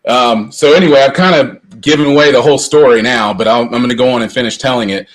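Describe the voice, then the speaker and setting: A middle-aged man co-hosting a podcast, telling long rambling anecdotes with lively restarts. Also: mid-range voice, fast talker. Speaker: podcast co-host. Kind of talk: casual storytelling chat.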